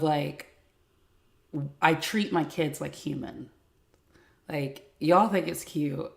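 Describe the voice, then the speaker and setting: A woman's voice: low-pitched, steady tone, takes it slowly, creaky, long pauses, roomy sound. A woman hosting a live stream from home, talking frankly in a casual, chatty way and swearing freely.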